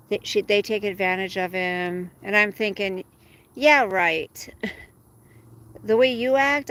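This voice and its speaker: In a rough recording, a woman with a mid-range voice chats casually while walking her dog along a street outside. She complains about work and stops at times to coax the dog onward.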